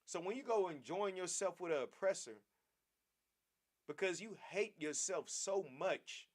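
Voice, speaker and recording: A man teaching a Bible class in a preaching style, emphatic and repetitive, often calling his listeners "man". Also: fairly high pitch.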